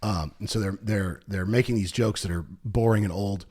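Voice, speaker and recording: A man with a slightly low voice talks loosely on a podcast, piling up "like" fillers and restarting his sentences. When he gets into a story he picks up energy and animation. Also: normal speed. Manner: rambling, lots of "like" fillers and restarts; animated when retelling stories. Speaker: podcast co-host. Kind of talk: casual chat.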